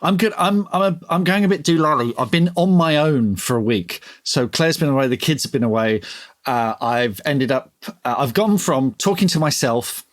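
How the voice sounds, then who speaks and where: A man's voice: fairly high pitch, lively intonation, moderate pace. A man co-hosting a podcast, chatting casually and joking at his own expense. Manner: chatty, self-mocking, jokey. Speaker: podcast co-host.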